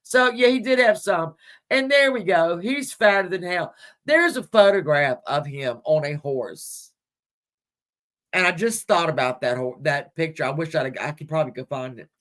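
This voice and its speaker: While searching images on screen, a woman hosting a livestream chats loosely about history with her viewers, chuckling and slipping in crude asides. She speaks at a measured pace in a lowish voice with lively intonation.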